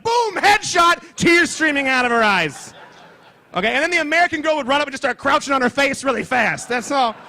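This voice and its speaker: A man doing a loud, excitable, self-mocking stand-up comedy set on stage before a live audience. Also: extremely high pitch.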